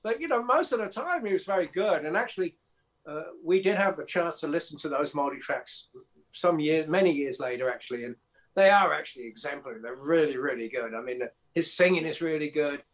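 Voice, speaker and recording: A man's voice: a little high, animated, a little fast. Chatty male producer telling studio stories. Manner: anecdotal, acts out quotes, many fillers and restarts. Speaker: record producer guest. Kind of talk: casual interview storytelling.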